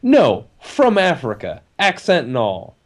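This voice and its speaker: A man chatting casually on a podcast, telling an animated story and laughing often. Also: on the high side, unhurried. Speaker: podcast host or guest.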